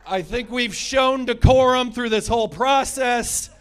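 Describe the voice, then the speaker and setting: A man's voice: very high-pitched, a little slow, clear, resonant tone. A man in his thirties doing a stand-up comedy set, with crude, sarcastic crowd work. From United States. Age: 30s.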